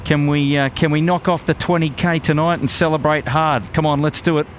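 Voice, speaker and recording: A man with an Australian accent hosting a live stream outdoors, reading out viewer shout-outs in a friendly, upbeat way. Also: a little high, steady tone, a little fast, slight background noise. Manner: upbeat, friendly, lots of "g'day, mate". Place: outdoors at an airport plane spotting spot.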